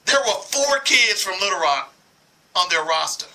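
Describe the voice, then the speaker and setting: A man's voice: high-pitched, expressive, moderate pace, pushed and bright, rough recording. Fired-up man ranting. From Arkansas. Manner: heated, preachy, emphatic repetition. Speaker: sports commentator. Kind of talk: impassioned commentary.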